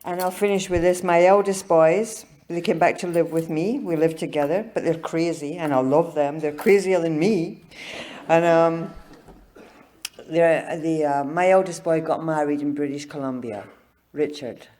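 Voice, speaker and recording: An older woman giving a personal testimony at a recovery meeting, telling her story with humor and laughing often, growing soft and tender on the emotional parts. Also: deep voice, normal speed.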